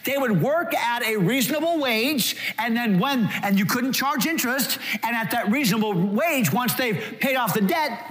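A male pastor delivering a sermon in a high voice. His pitch rises and falls with lively animation. He slips into quoted voices to act them out.

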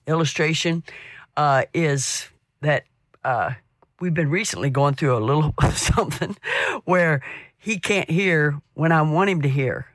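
A woman's voice: low-pitched, no room sound, studio quality. Chatty middle-aged woman hosting devotional radio. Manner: chatty and anecdotal, warm storytelling with restarts. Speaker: radio program host.

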